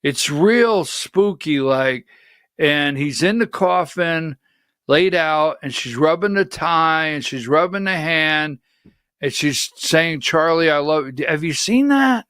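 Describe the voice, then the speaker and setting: A political livestream host speaks slowly and expressively in a slightly high, fairly bright voice, offering blunt, skeptical opinions through rambling asides. Studio quality with no echo.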